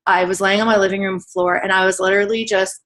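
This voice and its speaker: A woman's voice: mid-range voice, level tone, fast, fairly bright tone, rough recording. A woman in her thirties shares her personal story on a team call. She talks in a candid, emotional, chatty way, with plenty of filler words and the occasional restart. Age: 30s. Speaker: guest telling her weight-loss story.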